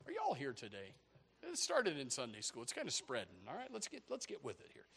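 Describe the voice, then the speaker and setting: Male preacher with a bright, forceful voice, folksy and exclamatory. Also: mid-range voice, wildly swooping pitch, fairly quick, creaky, long reverb tail. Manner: folksy and exclamatory, with frequent stammered restarts. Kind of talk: sermon.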